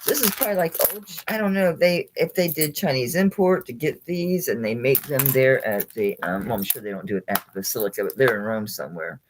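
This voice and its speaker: A woman with a strikingly low, deep voice that still swings freely up and down as she talks. She hosts a casual live-stream sale, rambling and thinking out loud. She laughs often and chats with viewers by name. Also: expressive, a little fast, hardly any pauses, noisy background. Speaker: online jewelry seller hosting a live sale.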